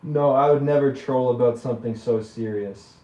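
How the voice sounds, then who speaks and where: A man speaks in a deadpan, needling way, his voice mellow and low-key. He is picked up by a security camera from across an echoey room, so the sound comes through dull and distant. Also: moderate pace. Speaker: user chatting with an AI. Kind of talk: deadpan trolling chat.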